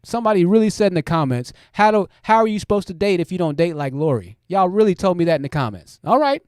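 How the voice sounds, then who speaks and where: A man's voice: high voice, animated, fast, a little mellow, smooth, no echo, clean studio sound. A man hosting a livestream, giving blunt commentary and talking straight to his chat. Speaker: host.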